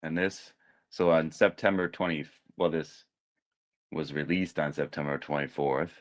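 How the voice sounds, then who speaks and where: A man co-hosting a podcast in casual chat, speaking earnestly and thoughtfully with halting restarts. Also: extremely low pitch, steady tone. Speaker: podcast co-host.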